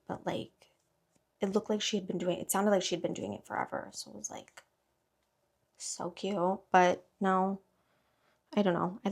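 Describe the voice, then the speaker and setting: A woman's voice: medium pitch, vocal fry, a little mellow. A woman beauty vlogger in casual get-ready-with-me chat, rambling with lots of fillers while she does her makeup. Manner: rambling, filler-heavy, chatty.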